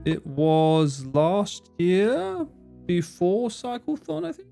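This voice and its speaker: Chatty, amused male streamer, lively voice. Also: high-pitched, slow, creaky, faint music behind. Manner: chatty, amused, thinking aloud. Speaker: livestream host. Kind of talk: casual reaction commentary.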